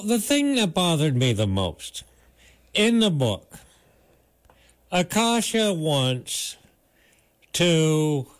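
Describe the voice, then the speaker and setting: A man co-hosting a podcast, talking in a dry, measured way and dropping in wisecracks. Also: mid-range voice, clear, resonant tone. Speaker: podcast co-host. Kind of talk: casual chat.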